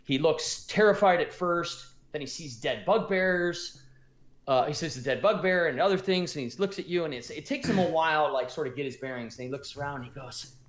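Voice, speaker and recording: A man's voice: on the high side, a little fast. A man narrating as game master of a tabletop game, laid-back and rambling with fillers. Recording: roomy echo.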